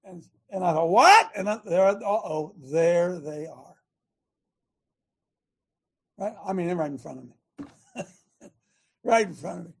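A man's voice: high-pitched, a little slow, gravelly, long pauses, husky. A middle-aged man preaching in a loose, conversational way, telling stories and asking his listeners questions. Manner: animated, storytelling, asks listeners questions. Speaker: show host preaching.

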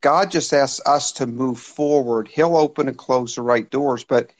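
A man's voice: medium pitch, a little slow. A man taking part in a group Bible discussion, speaking earnestly with small restarts. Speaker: group member.

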